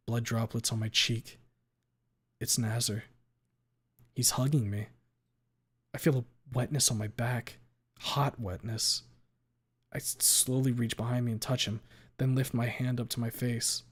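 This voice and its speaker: A man's voice: medium pitch, fairly even intonation, unhurried, pauses often, breathy edge. A man reading a visual novel aloud in the first person, dramatic, cursing freely and sometimes stumbling over words.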